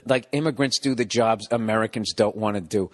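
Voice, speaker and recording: A man's voice: lowish voice, fairly quick, big-room sound. A man in his forties with a Boston accent hosts a podcast from his home, ranting sarcastically and swearing in a rambling comic monologue. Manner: profane, sarcastic, animated rants. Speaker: podcast host. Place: home, recording indoors.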